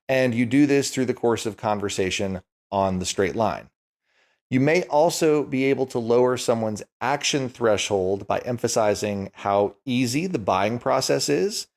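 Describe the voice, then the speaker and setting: A man giving a scripted explainer lesson on selling, in a clear, measured teaching voice. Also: mid-range voice. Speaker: YouTube educator.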